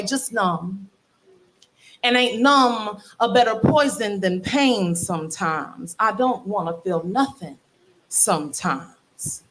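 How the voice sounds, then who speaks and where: Slow, deliberate woman reciting spoken word. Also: fairly high pitch, a bit bright. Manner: slow, measured, emphatic delivery with dramatic pauses; mock-solemn, comic exaggeration. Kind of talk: live spoken word performance.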